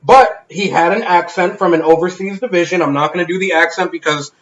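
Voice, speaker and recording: A man's voice: high-pitched, a little fast. A man co-hosting a casual podcast, telling a story and swearing freely. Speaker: podcast co-host. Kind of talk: casual chat. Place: home garage. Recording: echoey garage, dull lo-fi sound.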